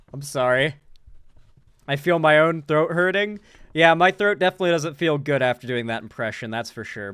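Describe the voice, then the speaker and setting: A sarcastic male commentator riffs casually on online replies with a mocking edge. His voice is smooth and resonant, slightly high for a man, and sits close and dry on the mic. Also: fairly bright tone, no echo. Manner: sarcastic, mocking, laughs often. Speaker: political commentary streamer.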